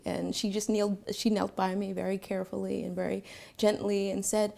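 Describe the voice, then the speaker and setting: Gravelly-voiced woman. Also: medium pitch, flat delivery, dark tone. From Philadelphia, Pennsylvania. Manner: reflective, with frequent filler pauses. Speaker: storyteller. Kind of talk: personal storytelling to camera.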